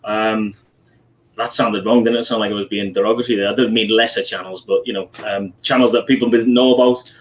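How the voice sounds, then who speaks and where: A man's voice: lowish voice, fairly even intonation, fast talker, poor audio. A man from Liverpool with a Scouse accent, hosting a casual livestream chat in a friendly, chatty way. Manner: chatty, friendly, calls people mate. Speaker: channel host on livestream.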